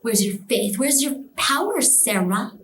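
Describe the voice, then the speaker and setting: A cruel male devil taunts and mocks, played by a woman telling her story, sliding between low jeers and hissed whispers. The voice sounds far from the mic in an echoey room, with a faint hum underneath. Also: big pitch swings, unhurried, a bit bright. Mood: taunting. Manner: taunting, mocking, slipping into whispers.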